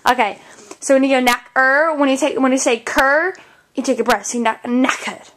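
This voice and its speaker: A woman's voice: sits high, a little fast, a bit bright. A young woman from the southern United States putting on a mock British accent, bossily correcting her sister in a comic lesson. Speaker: co-host. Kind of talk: comic teaching segment.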